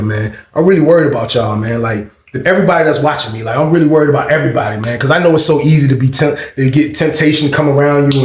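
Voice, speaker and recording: A man hosting a storytime channel, telling a prison story in a profane, excitable way and acting out the fights with sound effects. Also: fairly high pitch, slight background noise. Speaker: storytime host. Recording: roomy echo.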